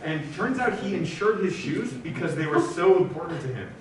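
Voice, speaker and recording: A man's voice: on the high side, a little fast, a little hiss or hum. Young man telling a comic story on stage. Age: young adult. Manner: casual storytelling, animated. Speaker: improv performer. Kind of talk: comic monologue. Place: stage in a university hall. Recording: echoey hall from far off.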